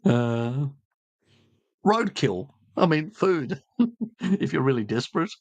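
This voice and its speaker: A man from Tasmania, Australia, takes his time answering live stream chat, his slightly high voice sing-song as he jokes, rambles, and speaks bluntly with many fillers. There's no room sound in the recording.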